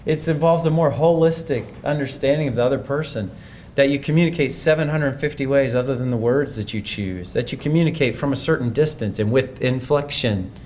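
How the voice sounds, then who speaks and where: Man, mid pitch, conversational lecture, thoughtful, restarts, faint rumble behind. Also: a little mellow. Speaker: speaker. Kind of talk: conference presentation.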